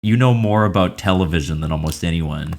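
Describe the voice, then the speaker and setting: Man, podcast co-host, casual chat, fairly low voice, upbeat. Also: a little mellow. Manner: quick, upbeat, introducing guests.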